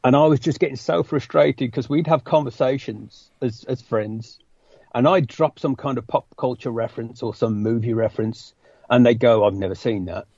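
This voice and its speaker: A man's voice: mid-range voice, normal speed, gravelly, dark tone, breathy edge, no echo. West midlands english guy on a podcast, chatty, dull dry lo-fi sound. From West Midlands, England. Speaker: podcast guest. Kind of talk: casual chat.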